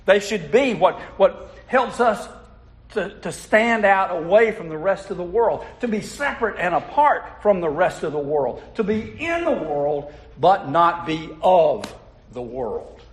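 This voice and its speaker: Guy preaching, folksy storyteller, voice bounces up and down a lot, kinda high for a man. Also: sing-song, unhurried. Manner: folksy storytelling with audience asides. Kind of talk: sermon.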